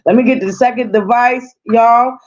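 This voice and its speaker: A woman runs her livestream in a loose, chatty way, repeatedly turning to address her viewers while a little breathless. Her voice is a little high, her intonation fairly even, and her speed normal, all captured in dull lo-fi sound.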